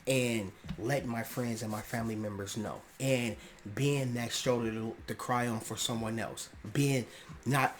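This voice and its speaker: Earnest podcast host, passionate and slangy. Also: male voice, medium pitch, steady tone, measured pace, slight background noise. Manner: earnest, passionate, rising to emphatic outbursts; casual slangy speech with restarts. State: clearing his throat often. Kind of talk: personal monologue on mental health.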